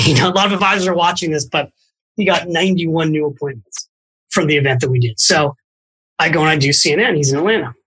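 Husky-voiced man telling a story. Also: fairly high pitch, rough recording. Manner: animated anecdotal storytelling with quick asides. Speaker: guest, financial author. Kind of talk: storytelling in a podcast conversation.

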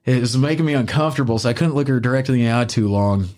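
Man, podcast storyteller, animated, cursing a lot, casual chat. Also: racing. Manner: animated, swearing, acts out quotes in a high voice.

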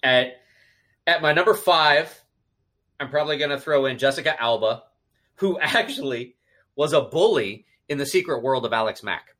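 Male podcast co-host, excitable, bright and animated delivery. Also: normal speed. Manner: excitable, jumps to high squeals of surprise. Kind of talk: casual chat.

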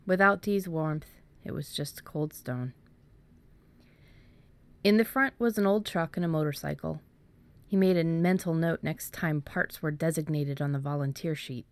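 A woman, an author, reading her own story aloud in a measured way and then chatting about it with hesitant fillers. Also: low voice. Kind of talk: storybook narration, then casual chat.

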